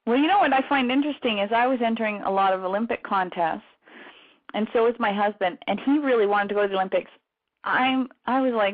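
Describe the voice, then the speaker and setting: A woman radio show host chatting casually, telling stories quickly with frequent laughs. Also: mid-range voice. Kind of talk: casual chat. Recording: tinny phone-line radio audio.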